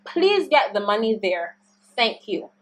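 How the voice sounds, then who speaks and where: A woman's voice: a little high, sing-song, a little slow, a little hiss or hum, low-quality recording. Woman doing her fierce protective mom. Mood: demanding. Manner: firm, no-nonsense demands. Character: fierce protective middle-aged mother.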